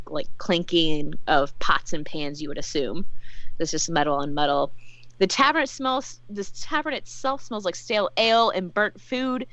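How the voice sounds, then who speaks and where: A woman's voice: sits low, a bit bright, no room sound. A woman running a tabletop game as game master, describing scenes in loose narration with many fillers. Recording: dull lo-fi dry sound.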